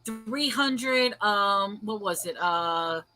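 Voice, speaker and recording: A woman's voice: mid-range voice, very slow, sharp tone, faint music behind. A woman hosting a casual livestream chat, rambling and laughing often as she reads viewer comments aloud. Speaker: host.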